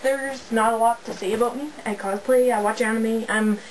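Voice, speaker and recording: A woman's voice: fairly high pitch, fairly even intonation, normal speed, slight background noise, low-quality recording. A young woman from Canada, a teenage fan club moderator, chatting in a bubbly, rambling way into a camera's built-in mic at home. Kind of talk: casual webcam vlog.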